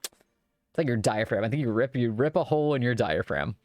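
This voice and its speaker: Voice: medium pitch, expressive, brisk, a little mellow. A streamer reading a romance visual novel aloud live, with giggly, chatty joking asides.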